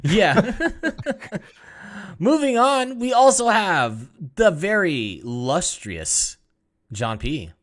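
A man's voice: high voice, big pitch swings, very slow. A young man hosting a casual gaming podcast, upbeat and playful, laughing often as he teases his co-hosts. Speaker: podcast host.

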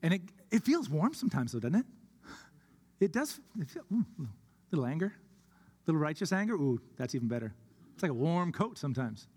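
Earnest pastor in a reverberant church. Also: male voice, on the high side, sing-song, darkish tone, breathy edge. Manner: earnest, slows down for emphasis. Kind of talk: sermon. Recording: long hall reverb.

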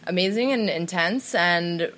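A young woman from New York, chatting as a guest in an interview and telling stories in a casual way, sometimes dropping to a quiet voice. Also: fairly low pitch, a little slow.

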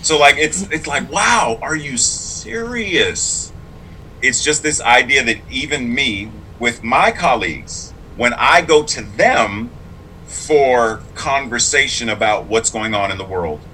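A man's voice: medium pitch, expressive, a little slow, sharp tone, a little hiss or hum, rough recording. A man who is both clergy and a public school teacher, speaking in a casual interview in an earnest, reflective and emphatic way.

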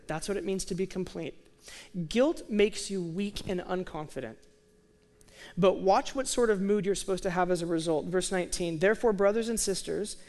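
A young male pastor preaching a sermon, moving between quiet, slow emphasis and excited storytelling. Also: high-pitched. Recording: long reverb of a large hall.

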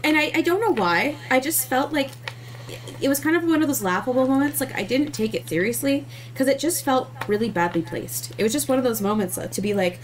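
A woman co-hosting a podcast, chatting casually about a film in a blunt, animated way and swearing freely. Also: high-pitched, fairly quick. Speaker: podcast co-host. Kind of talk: casual movie review chat.

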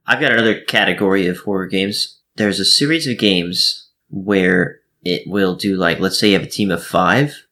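A man chatting casually as a co-host, animated and playful as he tells stories. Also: sits low, normal speed, few pauses. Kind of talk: casual chat.

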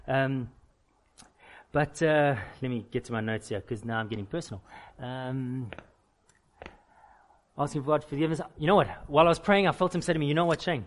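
A man with a somewhat high voice preaching a Sunday sermon. He tells candid personal stories and drives points home with emphatic, repeated lists. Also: fairly quick. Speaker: pastor.

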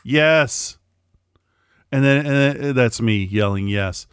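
A man's voice: mid-range voice, slow pace, smooth, no room sound. Profane, ranting middle-aged man, dry sound. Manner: animated ranting, profane, mimics people in quotes. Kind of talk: casual chat.

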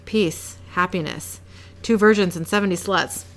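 A woman's voice: on the low side, moderate pace, lightly acted. A woman reading the lines of a smug, scheming male angel, in a glib and mocking way, without doing much of a voice.

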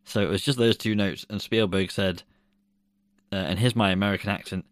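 A man's voice: on the low side, steady tone, a little fast, no echo, clean studio sound. A man co-hosting a podcast in casual chat, laughing often and swearing loosely. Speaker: podcast co-host.

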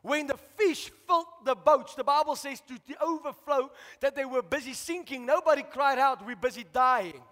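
A man preaching a sermon as pastor, shouting out to the congregation and asking for responses. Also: very high-pitched, moderate pace, few pauses. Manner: preaching with rising shouts and call-outs to the congregation. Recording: long hall reverb.

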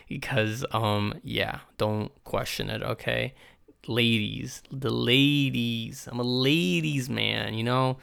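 A hoarse young man with a raspy voice, hosting his podcast in a rambling, unscripted way with lots of fillers and swearing. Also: medium pitch, fairly bright tone. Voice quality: raspy, gravelly. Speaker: podcast host. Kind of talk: casual unscripted podcast monologue.

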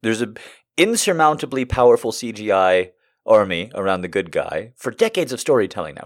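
A young man hosts a comedy podcast, rambling through crude jokes and self-mockery. His pitch swings widely as he talks. The talk is loose and casual. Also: big pitch swings, a little fast. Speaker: podcast host.

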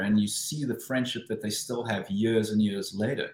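A man's voice: on the low side, moderate pace. South African man telling a story in an echoey room. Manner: animated, with frequent restarts and acted-out inner voices. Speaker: guest, former Olympic swimmer. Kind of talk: casual interview storytelling.

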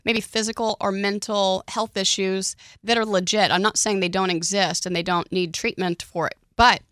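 A woman's voice: mid-range voice, fairly even intonation, normal speed, fairly bright tone, dry recording. Woman co-host explaining recovery, dry studio sound. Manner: explanatory, teasing, emphatic. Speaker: co-host of a recovery radio show. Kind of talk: casual recovery podcast chat. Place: radio studio.

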